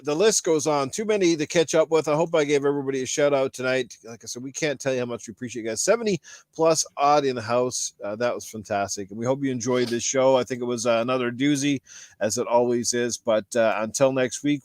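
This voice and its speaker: A man hosting a gaming podcast, giving upbeat, rambling shout-outs as he wraps the show. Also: medium pitch, no echo. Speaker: podcast host. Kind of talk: casual show sign-off.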